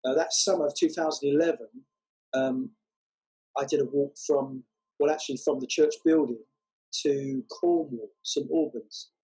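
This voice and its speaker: A man telling a testimony story as a guest, unhurried and halting with many fillers. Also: a little high, steady tone, mellow, breathy edge, low-quality recording. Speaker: guest, walking evangelist.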